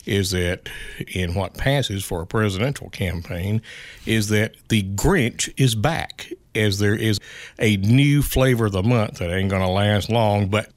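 Middle-aged male radio pundit, low-pitched, dry close sound, wry and unhurried. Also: no echo. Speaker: regular political commentator. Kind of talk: radio politics chat. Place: radio studio.

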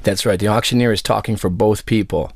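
A man, a musician guest on a radio show, explaining things in an animated, casual way. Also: on the low side, fairly quick, no room sound, studio quality. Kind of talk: radio interview.

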